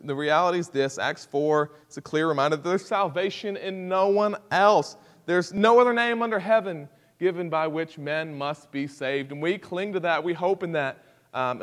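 A man preaching a sermon at a church service, swinging from hushed intensity to loud, impassioned delivery. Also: high-pitched, in a large hall. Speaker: pastor.

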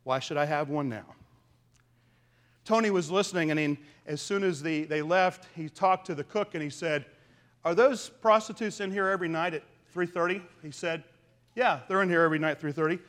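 A man delivering a sermon in a notably high voice. He speaks earnestly to his congregation, swinging between loud emphasis and hushed lines as he tells a story. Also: fairly quick. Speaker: pastor.

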